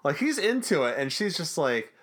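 A podcast co-host with a fairly bright voice on the high side recaps an episode in chatty, jokey fashion. He speaks at a normal speed with big swings in pitch.

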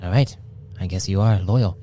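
A man narrating a tabletop game as game master, halting with fillers. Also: sits low, dark tone, soft background music.

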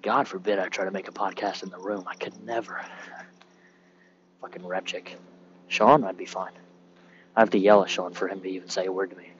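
Low-voiced young man rambling outdoors. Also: steady tone, fairly quick, pauses often, dull audio, background noise. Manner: rambling, loose and profane. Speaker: sailor recording a podcast. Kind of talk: casual rambling monologue while walking. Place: outdoors on a military base, cold.

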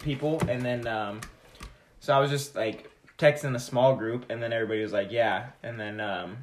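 A young man chatting casually with friends, telling an animated story and acting out what his friends said. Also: mid-range voice, moderate pace. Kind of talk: casual chat.

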